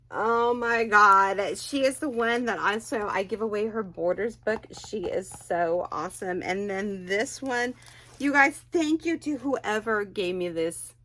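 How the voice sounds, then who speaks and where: Gushing woman unboxing gifts, slow-paced. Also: medium pitch, bright, forceful tone, dry recording. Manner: gushing, exclaims often. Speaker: crochet vlogger. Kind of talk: excited unboxing chat.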